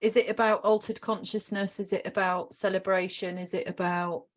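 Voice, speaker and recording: A woman's voice: mid-range voice, steady tone, moderate pace. A woman hosting an interview over a video call, asking questions in a friendly, hesitant way. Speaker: interview host.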